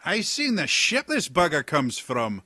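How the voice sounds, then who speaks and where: A man performs a boisterous, blunt pirate captain in a tabletop game, using an exaggerated voice pitched above his own: a little high, slightly rough, unhurried, with huge pitch swings. He's loud and teasing, and the recording is dry with clean studio sound.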